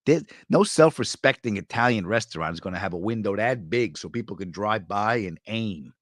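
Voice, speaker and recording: A gruff, no-nonsense older father, as a comedian quotes him, handing out blunt practical advice. The delivery is plain and matter-of-fact, close to the storyteller's own voice, and recorded dry and close. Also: lowish voice, animated, moderate pace, no room sound.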